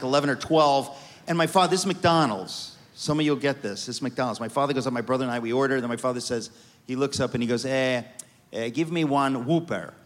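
Animated comic storyteller, man in a hall. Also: a little high. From New York, USA. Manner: animated, comic, self-interrupting. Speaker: guest speaker. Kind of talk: storytelling on stage. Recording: reverberant hall.

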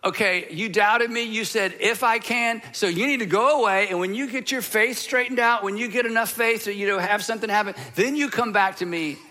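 A man's voice: high-pitched, a little fast, few pauses, bright, forceful tone, pitched above the performer's own voice. A man preaching a sermon voices a kindly teacher figure, speaking firmly and earnestly to a doubter. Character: calm, kindly male teacher who refuses to turn away a doubter. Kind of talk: sermon retelling.

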